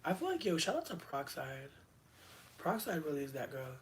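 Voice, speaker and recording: At medium pitch and with a bit of background noise, a livestreamer casually rambles to his viewers. He peppers it with swearing, slang, rapid tangents, and bursts of enthusiasm.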